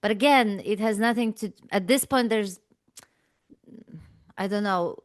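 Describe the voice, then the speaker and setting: A woman host with a smooth, clear voice at a middle pitch speaks in a dry, close recording. She shares personal experience in a searching, tentative way, hedging often as she feels her way through each thought. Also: unhurried, no echo. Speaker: podcast host. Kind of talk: reflective spiritual conversation.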